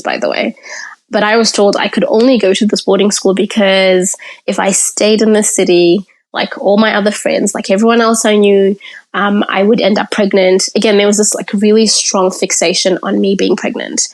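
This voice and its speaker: A woman's medium-pitched voice barely moves in pitch as she speaks at normal speed on a low-quality recording. Appearing on a podcast, she candidly narrates her own childhood in the present tense during the conversation.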